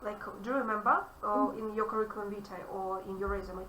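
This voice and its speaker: A woman English teacher with a Russian accent, explaining grammar to a student in an animated, emphatic way. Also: medium pitch, quick pace, hardly any pauses. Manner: animated, emphatic, repeats key phrases. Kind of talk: online grammar lesson. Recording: echoey room, distant mic, faint noise.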